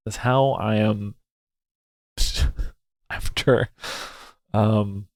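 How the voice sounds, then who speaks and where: A man's voice: medium pitch, expressive, a little slow, creaky, long pauses, no echo, studio quality. A man playing through a story game, commenting anxiously, swearing, and reading some lines half in character. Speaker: game streamer. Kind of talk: let's play commentary, reading dialogue aloud. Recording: music playing behind. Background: game music.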